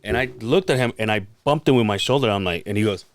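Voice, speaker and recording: A man with a fairly low voice tells a rambling, profane story on a podcast and acts out each person's lines. The sound is dry and close, with no room in it. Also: fast talker, dry recording. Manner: profane, animated storytelling with acted-out quotes. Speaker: podcast co-host. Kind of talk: casual storytelling chat.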